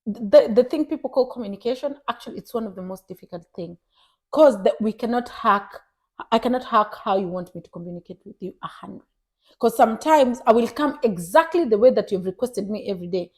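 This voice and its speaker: A young woman chatting on a podcast, animated, acting out others and mixing in Swahili. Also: fairly high pitch, fairly quick. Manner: animated, mimics others in raised voice, mixes Swahili into English. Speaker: podcast co-host. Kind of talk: casual chat.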